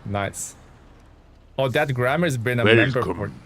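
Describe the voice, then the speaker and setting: A man's voice: mid-range voice, expressive, moderate pace. A man live-streaming a truck game, chatting to viewers, thanking them and thinking aloud with ums and chuckles. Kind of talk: live gameplay stream commentary.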